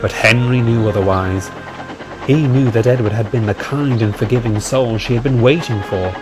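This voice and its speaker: A man narrating a storybook tale in a measured, calm way. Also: medium pitch, music in the background.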